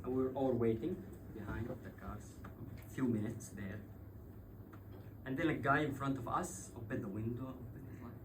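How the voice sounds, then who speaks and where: A man's voice: mid-range voice, normal speed. A man from Yemen telling a personal story on stage, swearing and laughing as he goes. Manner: swearing, laughing, animated retelling. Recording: distant voice with clear background noise.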